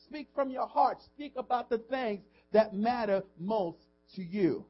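High-voiced preaching pastor, lo-fi. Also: male voice, animated, measured pace. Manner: preaching with rising and falling intensity, call-and-response asides. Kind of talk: sermon. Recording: dull lo-fi audio.

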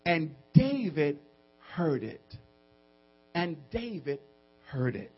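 A man preaching a sermon, swinging between low quiet asides and shouted outbursts, and acting out friends' voices in dialogue. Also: big pitch swings, takes it slowly, pauses often, breathy edge, soft background music. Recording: dull muffled recording with mains hum.

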